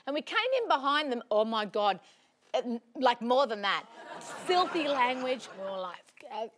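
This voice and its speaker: An Australian woman comedian telling comic stories, animated and self-mocking, often breaking into laughter. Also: on the high side, normal speed, a faint crowd, a little hiss or hum. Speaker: comedian guest. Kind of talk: comic storytelling.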